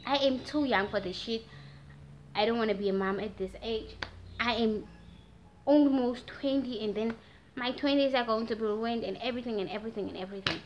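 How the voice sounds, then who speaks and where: A nineteen-year-old woman from Namibia with a Namibian accent, telling a story in a casual, animated vlog and slipping into Afrikaans slang. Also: fairly high pitch, a little fast, slight background noise. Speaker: vlogger. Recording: dull lo-fi sound with faint music.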